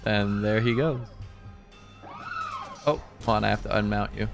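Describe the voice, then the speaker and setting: A man runs a tabletop game as game master and describes the scene in a halting, searching way. Faint music plays underneath. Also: fairly low pitch, fairly even intonation, gravelly. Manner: halting, descriptive narration with fillers.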